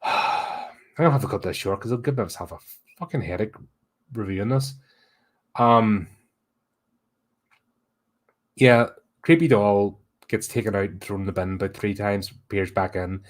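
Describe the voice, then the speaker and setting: A man hosting a horror podcast, giving a blunt, sweary and exasperated casual film review. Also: on the low side.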